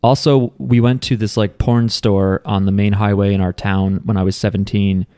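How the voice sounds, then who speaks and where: A man's voice: on the low side, level tone, normal speed, mellow, smooth, no echo, clean studio sound. A man co-hosting a podcast in casual chat, telling rambling stories full of "like" and restarts. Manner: rambling storyteller, lots of "like" and restarts. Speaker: podcast co-host.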